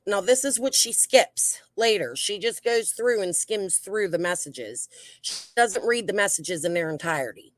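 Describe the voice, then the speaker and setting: A woman's voice: mid-range voice, lively intonation, takes it slowly, dry recording, clean studio sound. Aggravated woman venting. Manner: aggravated, defensive, rambling with restarts. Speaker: YouTube channel host. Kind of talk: heated commentary reading out messages.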